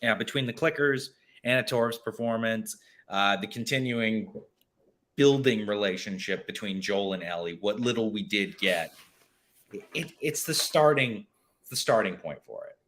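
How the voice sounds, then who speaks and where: A man's voice: on the low side, unhurried, fairly bright tone. A man in a casual chat, talking emphatically and swearing as he makes his point.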